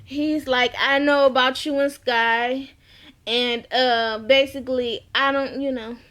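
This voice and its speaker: Woman, sassy, blunt, chatty recap, high bright voice. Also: steady tone, slow. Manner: sassy, blunt, laughs at her own jabs. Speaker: TV episode reviewer. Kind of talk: casual recap vlog.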